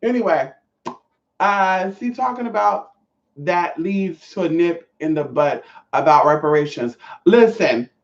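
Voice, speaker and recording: Sassy high-voiced man ranting. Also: a little slow. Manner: sassy, profane, scolding. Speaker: vlogger and self-taught Reiki healer. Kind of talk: profane ranting monologue. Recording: echoey room, dull lo-fi sound.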